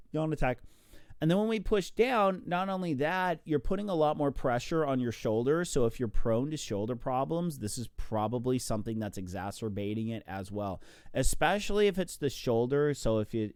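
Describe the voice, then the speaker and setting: Man, casual swim coach, smooth resonant voice, dry recording, animated. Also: mid-range voice, moderate pace, dry recording. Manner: chatty, animated, counts out strokes. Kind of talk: casual instructional talk.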